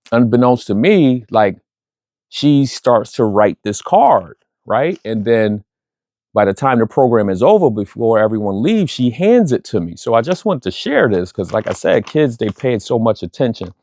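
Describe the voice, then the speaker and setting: A man hosting a podcast, speaking earnestly and reflectively about his youth program, pausing often with fillers while recovering from surgery. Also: medium pitch, very animated, dark tone, no echo. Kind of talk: casual spoken intro.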